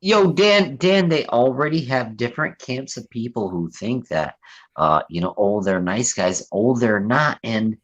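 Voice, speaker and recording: A man's voice: mid-range voice, expressive, unhurried, dull audio. A man co-hosting a casual chat, fumbling for words and trailing off. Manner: fumbling, full of fillers and trailing off.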